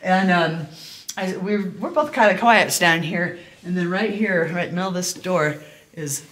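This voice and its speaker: A woman's voice: lowish voice, normal speed, fairly bright tone. Casual storytelling tour guide woman, recorded in a reverberant old building. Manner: chatty storyteller, many fillers, laughs easily. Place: inside an old abandoned hotel. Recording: echoey room, faint noise.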